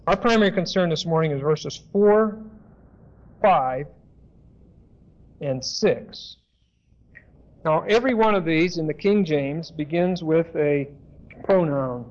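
A man giving a deliberate Bible lesson, spelling out Greek words and pausing to correct himself. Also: on the high side. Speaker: Bible teacher. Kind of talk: slow expository Bible lesson. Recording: dull lo-fi sermon tape.

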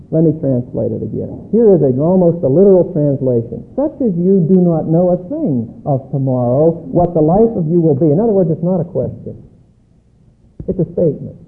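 A man teaches scripture from the pulpit of a church fellowship, stretching out key words for emphasis and pausing to ask his listeners "okay?" His voice sits on the higher side for a man. The recording is thin and tinny, like a phone line. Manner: emphatic, drawn-out stressed words, frequent "okay?" checks. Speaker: pastor. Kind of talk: expository Bible teaching sermon.

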